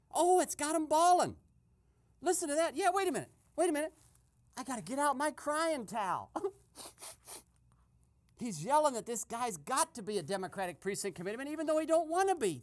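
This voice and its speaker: A performer playing a nosy male eavesdropper in a comic radio sketch, giving breathless running commentary and shushing constantly. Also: high voice.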